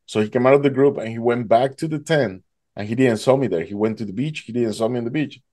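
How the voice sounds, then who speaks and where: A man tells a gripping personal story. His voice is dark and mellow at rest. It leaps much higher whenever he acts out his own panicked cries. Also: quick pace. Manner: animated, acts out his own past voice rising high in panic. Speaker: guest telling his story. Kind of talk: emotional storytelling.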